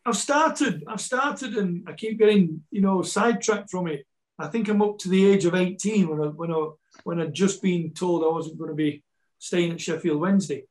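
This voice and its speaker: A man's voice: high-pitched, steady tone, normal speed, a little mellow, poor audio. A man with a Yorkshire Scottish accent, a football coach chatting as a guest, rambling with many repeats and restarts. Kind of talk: casual chat, storytelling.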